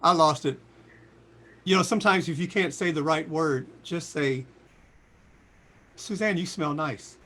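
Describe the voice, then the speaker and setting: This sixty-something singer, a guest in an interview, relates lively anecdotes in a bright, forceful, fairly high voice. He talks a little slowly with frequent pauses, and his acted-out quotes leap suddenly upward in pitch.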